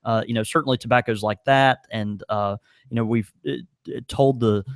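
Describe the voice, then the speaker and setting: A podcast co-host chats casually in a medium-pitched male voice at a moderate pace, rambling and animated with plenty of filler words. The studio recording is clean with no echo.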